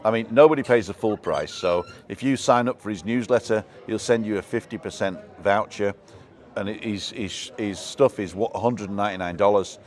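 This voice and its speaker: A man hosting a live stream, chatting casually and rambling, quick to laugh. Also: fairly low pitch. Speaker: live show host.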